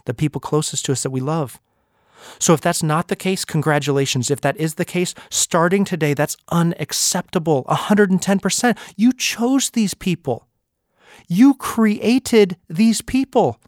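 In a clean studio recording with no room sound, a man with a fairly high voice hosts a podcast. As host and speaker, he delivers an emphatic motivational talk packed with rhetorical questions.

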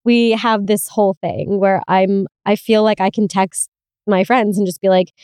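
A woman's voice: medium pitch, fairly even intonation, normal speed, darkish tone, clear, resonant tone, dry recording, clean studio sound. A young woman hosting a casual solo podcast, talking candidly, swearing freely and laughing often. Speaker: podcast host.

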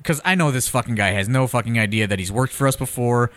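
Profane, animated man with a bright voice. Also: medium pitch, fast. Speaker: wrestling promoter and co-owner. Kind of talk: casual podcast chat.

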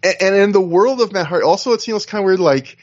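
A man with a somewhat high voice chats loosely on a podcast, tumbling through long recaps and mimicking the people he describes. His audio comes through a little dull and lo-fi, like a call recording. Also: fast talker. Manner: rambling, animated recaps with acted-out quotes. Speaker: podcast co-host. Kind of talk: casual wrestling podcast chat. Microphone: video call.

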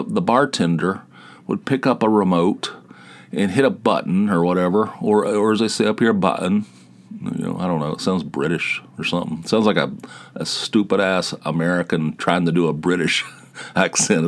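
A middle-aged man hosting his own podcast, talking in a digressive, self-deprecating solo ramble that is full of restarts and repeated words. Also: low voice. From northeastern Pennsylvania. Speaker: podcast host.

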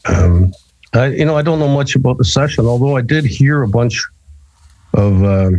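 A man's voice: medium pitch, expressive, normal speed, a little mellow, dull audio. A man, a musician guest chatting casually and rambling with many fillers. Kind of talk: casual chat.

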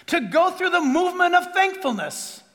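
A man preaching a sermon as pastor to a congregation, animated and emphatic, with asides and quoted voices. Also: very high-pitched, normal speed. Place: church hall before a congregation. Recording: long reverb of a large hall. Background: audience laughter.

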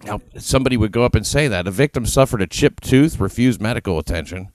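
Podcast host, male, lowish voice, dry close sound, sardonic deadpan delivery. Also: quick pace, no room sound. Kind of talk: casual podcast chat.

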